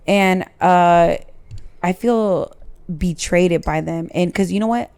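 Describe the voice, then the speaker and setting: A woman in her forties with a fairly low voice and plenty of gravelly fry, talking as a guest on a podcast. She tells her story bluntly and emotionally, swearing often. It is casual and unfiltered. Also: slow, a little mellow, dry recording. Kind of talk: candid casual chat.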